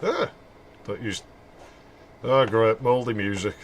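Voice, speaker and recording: A man's voice: fairly low pitch, lively intonation, slow pace, dull audio, slight background noise. A man giving joking, rambling commentary while playing a game. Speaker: streamer. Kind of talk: casual gameplay commentary.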